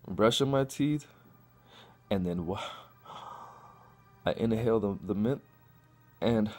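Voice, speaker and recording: This young man from Chicago has a fairly low voice and talks a little slowly, pausing often. He's vlogging a crude story from his own life, swearing freely and animatedly performing other people's lines.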